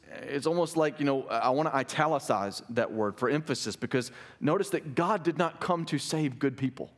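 A man's voice: medium pitch, normal speed, hardly any pauses. A male pastor preaching a sermon in a church, talking in an earnest, conversational way and often checking in with listeners.

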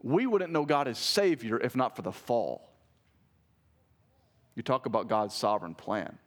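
A pastor preaching a sermon to his church, building to emphatic, rising peaks and then dropping to quiet intensity. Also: medium pitch, very animated, a little slow. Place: church sanctuary.

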